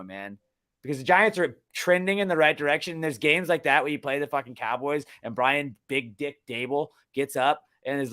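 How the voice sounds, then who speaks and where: A young man on a casual sports podcast, venting in a heated, profane rant. His pitch sits in an ordinary middle range. He flips between shouted outbursts and grumbled asides. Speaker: podcast co-host.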